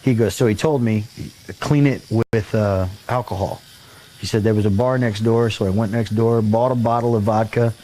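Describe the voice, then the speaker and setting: Lively storytelling man, low voice. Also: normal speed, slight background noise. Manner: animated anecdote-telling, acts out quoted voices, laughs often. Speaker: show host. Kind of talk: casual storytelling chat.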